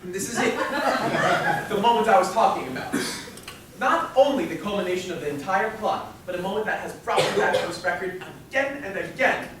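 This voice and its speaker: A man's voice: sits high, expressive, fairly quick. A man playing a rambling, confiding record fan. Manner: chatty, confiding, rambling asides to the audience. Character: wistful middle-aged man narrating his favorite musical record. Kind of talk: stage musical performance. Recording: distant echoey stage with room noise.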